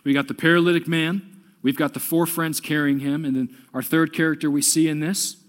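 A preacher delivering an urgent, exhorting sermon, repeating his appeals and swinging between soft and loud passages. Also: a little high, level tone, fairly quick. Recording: long hall reverb.

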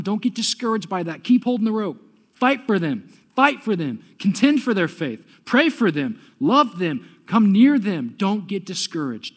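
A preacher delivering an urgent, exhorting sermon, repeating his appeals and swinging between soft and loud passages. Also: high voice. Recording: long hall reverb.

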